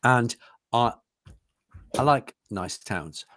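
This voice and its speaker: A man's voice: mid-range voice, expressive, drawn-out words, a bit bright. A man co-hosting a casual live show, talking in a rambling, joking, self-mocking way. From England. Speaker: co-host.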